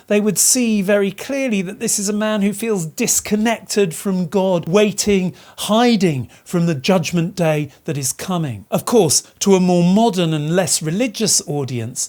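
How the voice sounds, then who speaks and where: Woman explaining literature, lowish voice. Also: a little mellow. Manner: explanatory, emphatic, asks rhetorical questions. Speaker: literature teacher. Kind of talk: educational explainer narration.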